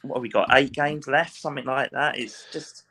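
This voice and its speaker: A man, a guest in a casual post-match chat, measured and a little hesitant. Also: medium pitch, fairly even intonation, pushed and bright. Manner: measured, agreeable, hesitant restarts.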